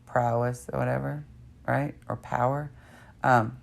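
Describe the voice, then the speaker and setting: Low-voiced young woman on a podcast, chatty storyteller, does all the voices in her stories. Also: unhurried, vocal fry. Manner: animated storyteller, acts out quotes with big pitch jumps. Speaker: podcast co-host. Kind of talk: casual storytelling chat.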